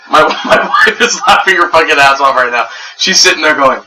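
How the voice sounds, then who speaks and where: A man's voice: mid-range voice, fairly quick, few pauses, sharp tone. Crude laughing man on a podcast. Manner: crude, laughs often, stumbling restarts. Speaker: podcast co-host. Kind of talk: casual chat. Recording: distant mic with background noise.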